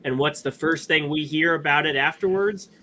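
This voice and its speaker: Bright-voiced man in casual movie chat. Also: fairly high pitch, moderate pace, a little hiss or hum. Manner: animated, rambling, lots of restarts and fillers. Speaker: podcast co-host.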